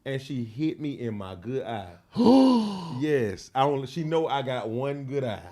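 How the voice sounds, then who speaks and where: A man telling a wild personal story in an interview, slangy and profane, full of fillers, getting loud and animated as he acts it out. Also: mid-range voice, normal speed. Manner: grows loud and animated when reenacting. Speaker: interview guest.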